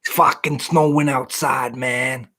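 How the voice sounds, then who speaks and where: A man's voice: medium pitch, steady tone, a little slow, bright, forceful tone. Man doing a grumpy Boston guy sick of snow. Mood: fed-up. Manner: exasperated ranting.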